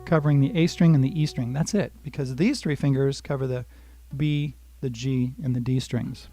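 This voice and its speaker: A man's voice: medium pitch, steady tone, moderate pace. An older man giving a live-streamed guitar lesson, talking through chords and strum patterns and chatting with viewers by name. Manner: talks through chords and strums, sings lines softly. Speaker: guitar teacher. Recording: guitar playing under the voice.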